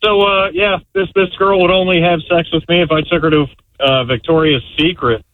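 A man's voice: fairly high pitch, fairly even intonation, moderate pace, no room sound. A man calling in to a radio show and playfully telling a joke. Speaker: caller. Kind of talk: call-in chat. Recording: tinny phone line.

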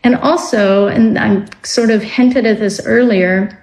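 A woman speaks as a guest on a radio talk show. Her delivery is reflective and explanatory. She slows down on some words as she works through her ideas. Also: on the high side, fairly even intonation, darkish tone, rough recording. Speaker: guest author on dreams. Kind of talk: radio interview.

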